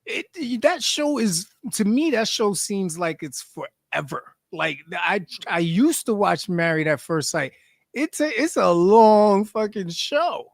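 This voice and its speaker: A man co-hosting a podcast in an animated, slangy way, reading out viewer comments. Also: high-pitched, slow pace, creaky, no room sound, studio quality. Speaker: podcast co-host. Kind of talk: casual chat.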